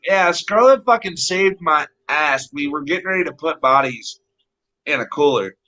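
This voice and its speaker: A man's voice: a little high, expressive, normal speed, sharp tone, low-quality recording. A man telling a rambling story in casual, profane chat, blunt and full of swearing.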